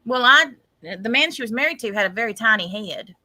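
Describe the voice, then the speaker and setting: A woman's voice: mid-range voice, animated, quick pace, pushed and bright, dry recording, low-quality recording. A woman in casual gossip chat, reacting with disbelief and short interjections.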